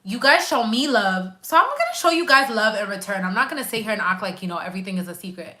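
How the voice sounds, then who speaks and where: Talking fast with a sharp edge, this woman from Quebec, Canada, has a mid-range voice that swings widely in pitch. She's a nurse and YouTuber on a casual live stream, tossing out slangy, emphatic reactions to viewer comments.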